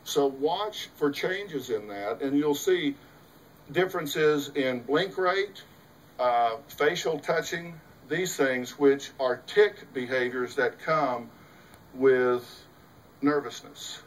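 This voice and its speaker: A man's voice: mid-range voice, slow pace, recorded from a distance, rough recording. A middle-aged man, a host and psychologist, giving an emphatic, folksy talk to an audience, full of rhetorical questions. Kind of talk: lecture to a live audience.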